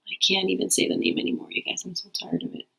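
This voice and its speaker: Husky, gravelly woman chatting to her viewers. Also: mid-range voice, little pitch movement, fast talker, pushed and bright, poor audio. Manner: chatty, rambling, with frequent restarts and fillers. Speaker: tarot reader and channel host. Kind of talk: casual talk to camera.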